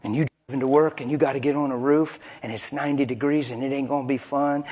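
Male preacher, rough husky voice, folksy and emphatic. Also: mid-range voice, steady tone, quick pace, a little mellow. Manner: folksy, colloquial, emphatic storytelling. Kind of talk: sermon.

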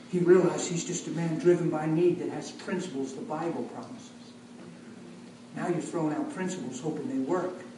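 A high-voiced man preaches in a story-driven style, jumping from loud, excited bursts to hushed, near-whispered asides. His voice rings through a very echoey hall, heard from some distance with faint room noise behind. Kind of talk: sermon storytelling.

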